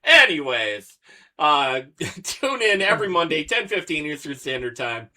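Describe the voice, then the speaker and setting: A man hosting a podcast in a casual chat, laid-back and hesitant, with many pauses and uhs. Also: fairly high pitch, big pitch swings, sharp tone. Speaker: podcast host.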